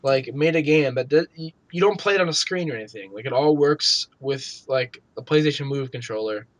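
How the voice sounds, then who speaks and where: In a clean recording with no echo, this Pennsylvania man talks briskly at medium pitch. He's a gaming podcast co-host in casual conversation, swearing and using lots of filler words, with occasional bursts of loud, mock yelling.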